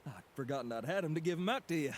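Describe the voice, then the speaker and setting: A jittery, sweet Southern mailman, high and lively, gravelly, with a little hiss behind. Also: racing. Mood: flustered. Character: sweet nervous Southern mailman, young man.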